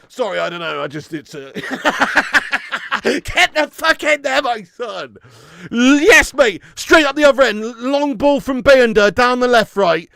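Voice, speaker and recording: A man hosting a live football watch-along, shouting at the players, swearing freely and chatting with viewers. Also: extremely high pitch, slow, vocal fry, no room sound, clean studio sound. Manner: excitable, sweary, shouts at the screen; reads out and answers viewer chat. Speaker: watch-along streamer host.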